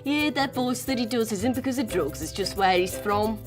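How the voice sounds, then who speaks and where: A woman's voice: on the high side, soft background music. A woman with a Received Pronunciation accent, hosting and chatting playfully about accents. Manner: chatty, playful, quick switches into character voices. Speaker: host. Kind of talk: presenting and demonstrating accents.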